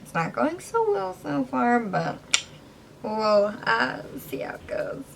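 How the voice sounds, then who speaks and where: A woman's voice: fairly high pitch, big pitch swings, slow, creaky, a little hiss or hum, low-quality recording. Awkward rambling young woman vlogging. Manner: self-deprecating, rambling and awkward, drops to whispers. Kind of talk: casual vlog chat. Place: indoors at home.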